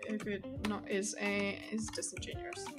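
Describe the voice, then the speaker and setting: A woman's voice: medium pitch, monotone, normal speed, loud music behind the voice. A woman streamer giving casual live commentary in a blunt, exasperated, sarcastic way.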